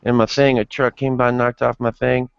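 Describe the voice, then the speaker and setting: A man's voice: little pitch movement, a little fast, creaky, clean tone, no echo, close to an everyday voice. A man doing a whiny, wailing drunk bum. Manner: high wailing complaint. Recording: lo-fi livestream audio.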